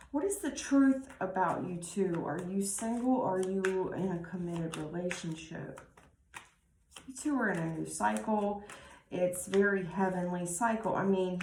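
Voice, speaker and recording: A woman giving a tarot reading, talking slowly and musingly with many pauses and restarts. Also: lowish voice, reverberant, slight background noise. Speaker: tarot reader.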